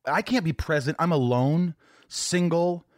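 A man's voice: a little high, measured pace, no room sound, clean studio sound. A man hosting a podcast, chatting casually in a rambling, jokey way and a little out of breath. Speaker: podcast host. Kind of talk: casual interview chat.

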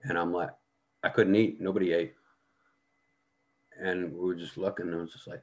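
A man's voice: sits low, level tone, normal speed, long pauses. A man telling a war story in casual talk, blunt and full of profanity. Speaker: guest.

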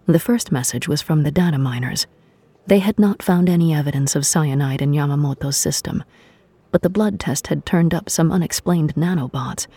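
A narrator reading a scripted audio drama in a steady storytelling voice, giving every character a voice. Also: mid-range voice, creaky, breathy edge, no echo.

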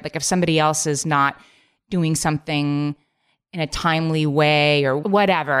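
A woman co-hosting a podcast, talking quickly and upbeat with lots of filler words. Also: low-pitched, clean tone. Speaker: podcast co-host. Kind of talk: casual podcast chat.

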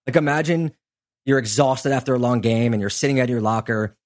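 Guy hosting a podcast, chatty storytelling, mid pitch, lots of "like" and "you know". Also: fairly quick. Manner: conversational, loose, lots of fillers. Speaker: podcast host; sports journalist. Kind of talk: casual storytelling chat.

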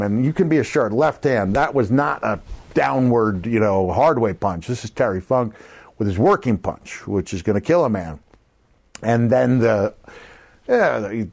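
A middle-aged man as a podcast guest, telling lively anecdotes and calling the host brother. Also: lowish voice. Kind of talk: animated storytelling.

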